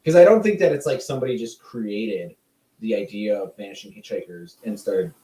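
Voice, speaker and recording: A man's voice: lowish voice, fairly quick, warm tone, echoey room, far from the mic, rough recording. A man co-hosting a podcast, telling a ghost story in a rambling, jokey, casual way. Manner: rambling, jokey, laughs often. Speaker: podcast co-host.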